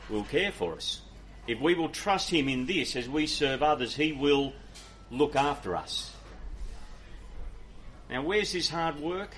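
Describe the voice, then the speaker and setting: An Irish pastor preaches a sermon and takes audience questions, earnest and conversational, full of fillers and restarts. His voice is fairly high and a bit bright, with slight background noise.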